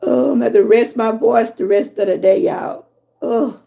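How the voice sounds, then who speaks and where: A hoarse woman from Georgia with a Southern accent, chatting casually with her livestream viewers and reading their comments. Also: on the high side, fairly even intonation, mellow, a little hiss or hum. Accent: Southern American. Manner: chatty, drawn-out, talks to viewers as y'all. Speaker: livestream host.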